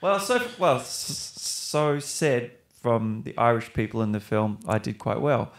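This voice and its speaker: This young man is an actor appearing as a podcast guest, talking in a loose, rambling way with frequent restarts and light cursing. His gravelly, medium-pitched voice is animated but a bit slow.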